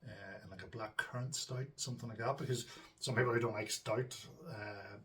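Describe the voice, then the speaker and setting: A man's voice: lowish voice, fairly even intonation, moderate pace, fairly bright tone, far from the mic. A man with a Northern Irish accent hosting his own homebrewing channel, chatting casually to viewers with lots of ums and asides. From Northern Ireland. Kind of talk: casual chat to camera.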